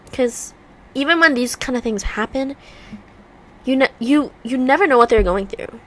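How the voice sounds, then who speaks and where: Lively chatty woman with a stuffy nose. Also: high voice, normal speed. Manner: chatty, rambling storyteller. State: congested. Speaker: vlogger. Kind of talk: casual chat while doing a puzzle. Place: room at home by a heater.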